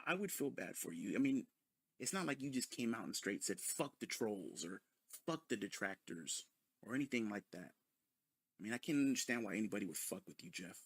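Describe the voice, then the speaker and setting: A man's voice: fairly low pitch, gravelly, breathy edge, dry recording. A man ranting in a sarcastic, mocking commentary full of profanity. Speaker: commentary video host.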